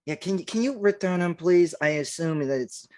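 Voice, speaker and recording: A man's voice: sits high, lively intonation, moderate pace. A man playing a tabletop game, joking and complaining wryly in character and out. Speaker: player. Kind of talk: tabletop role-play chat.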